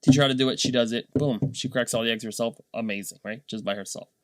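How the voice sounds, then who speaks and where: A man, a dad, telling a casual motivational story in a rambling, animated way, tagging his points with "right?". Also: mid-range voice, fast, no room sound. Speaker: vlogger and dad.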